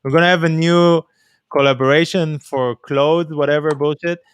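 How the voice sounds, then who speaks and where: A man's voice: fairly high pitch, fairly even intonation, normal speed, clean tone, dry recording. Playful rambling man with a mixed accent. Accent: mixed non-native English. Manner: rambling, playful, drifts between topics. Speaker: DJ and stream host. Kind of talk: casual livestream chat. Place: streaming room. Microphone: streaming mic.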